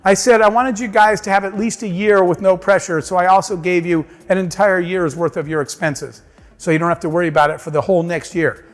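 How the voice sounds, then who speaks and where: Man, keynote speaker, high-pitched voice, lively storytelling, long hall reverb. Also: a little fast, faint music behind. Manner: animated storyteller acting out dialogue. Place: large conference hall.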